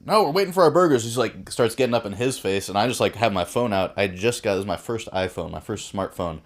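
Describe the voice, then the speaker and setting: A relaxed man with a fairly low voice spins a long story for friends on a casual podcast. He swears freely and chuckles as he goes. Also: brisk. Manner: laid-back, profane, laughs while telling a story. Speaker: podcast co-host.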